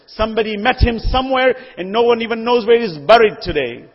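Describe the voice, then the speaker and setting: A man's voice: very high-pitched, animated, a little fast, breathy edge, in a large hall, muffled recording. A man preaching a sermon, impassioned, asking rhetorical questions, reciting Arabic verses, and dropping to near whispers.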